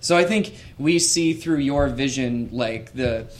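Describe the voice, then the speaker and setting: Male game master, mid-range voice, relaxed descriptive narration. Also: medium pitch, slow, a little hiss or hum.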